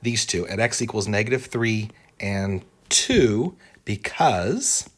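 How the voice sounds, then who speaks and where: A man's voice: on the low side, expressive, takes it slowly. Man teaching calculus, thinking aloud. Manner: thinks aloud, repeats words, asks "right?" often. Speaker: math teacher. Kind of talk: whiteboard calculus lesson.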